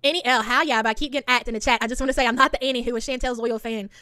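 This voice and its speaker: A woman hosting a live-stream commentary show, indignant and fast, often reading the chat aloud. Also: fairly high pitch, fairly even intonation, bright, forceful tone, smooth. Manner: rapid-fire, indignant, reads the chat aloud. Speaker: streamer host.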